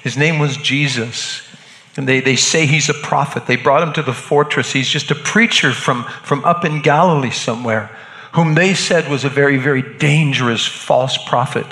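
A man acting a hardened Roman centurion shaken by an execution, talking haltingly and repeating words, in a church drama. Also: medium pitch, bright, forceful tone, long reverb tail. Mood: grave, shaken.

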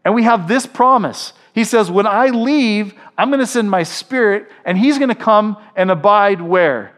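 A man preaches to his congregation with a fairly high voice. He keeps the sermon animated, acting out voices in the stories he tells. He asks the listeners questions as he goes. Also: normal speed. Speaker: pastor. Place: church before a congregation.

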